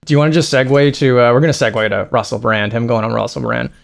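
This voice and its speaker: A man's voice: medium pitch, steady tone, fast, vocal fry. A man giving casual, crude, mocking reaction commentary with frequent laughing asides.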